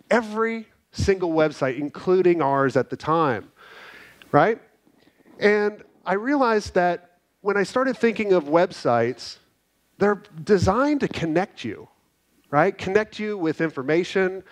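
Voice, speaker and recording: Middle-aged guy doing a lively keynote, kinda high voice, keeps asking the crowd "right?". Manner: energetic, animated storytelling with frequent "right?" tags. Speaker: conference speaker. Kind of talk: keynote talk to a live audience. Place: conference hall.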